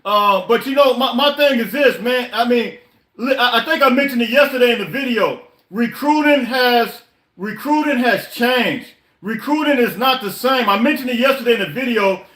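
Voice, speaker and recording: A man's voice: very high-pitched, moderate pace, fairly bright tone, echoey room. A man hosting a live podcast stream, venting his frustration in a casual, repetitive way with many stammered restarts. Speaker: podcast host.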